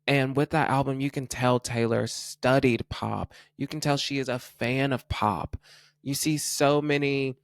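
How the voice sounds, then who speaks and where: A man's voice: mid-range voice, dry recording, clean studio sound. A man hosting a casual pop culture podcast, gushing and chatty, using "like" a lot and laughing at his own slips. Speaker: podcast host.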